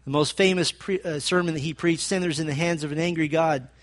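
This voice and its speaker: Fervent male preacher, fairly high voice. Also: steady tone, fairly quick. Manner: earnest, rising to fervent emphasis when quoting. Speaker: pastor. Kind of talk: sermon.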